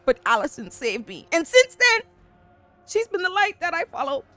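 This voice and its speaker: A woman voicing a brooding, self-pitying male knight who speaks in a low mumble. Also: big pitch swings, moderate pace, bright, forceful tone, faint music behind, full character voice. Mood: confessional.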